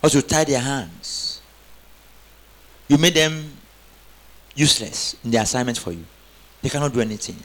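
A man's voice: mid-range voice, animated, normal speed, long pauses. A man preaching a sermon, calling on the congregation to answer back and rising into emphatic exclamations. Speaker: pastor.

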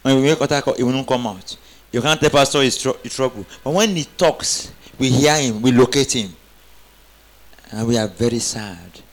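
A man's voice: mid-range voice, moderate pace. A man preaching a sermon, calling on the congregation to answer back and rising into emphatic exclamations. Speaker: pastor.

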